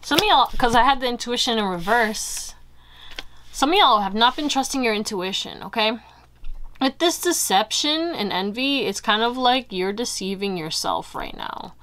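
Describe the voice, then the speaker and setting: Young adult woman, tarot reader talking to her audience; casual, animated, rambling delivery. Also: on the high side, normal speed. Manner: chatty, animated, fillers like "you know" and "y'all". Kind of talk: casual pick-a-card tarot reading.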